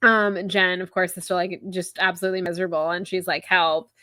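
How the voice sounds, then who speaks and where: Speaking a little fast in a voice on the low side, a young podcast host casually runs through a book chapter. She retells the scenes with chatty animation and plenty of "like." There's no room sound.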